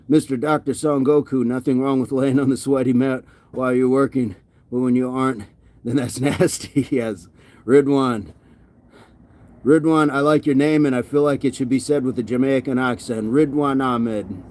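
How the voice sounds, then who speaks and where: Out of breath and sweaty mid-workout, this fitness livestreamer reads comments from viewers and frequently repeats himself in easygoing chat. His mid-range voice is steady and darkish, at a normal speed.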